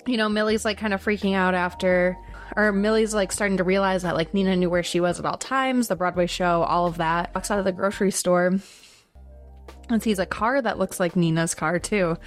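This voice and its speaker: A woman's voice: fairly low pitch, fairly quick, soft background music. A woman co-hosting a book podcast, recapping a thriller plot in a chatty way with lots of fillers. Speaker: podcast co-host. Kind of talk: casual book discussion.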